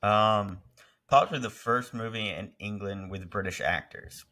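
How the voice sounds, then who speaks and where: A man's voice: fairly low pitch, unhurried, pushed and bright. A man co-hosting a casual movie review chat, joking and teasing as he goes. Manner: jokey, mocking mock-British impressions. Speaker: podcast co-host.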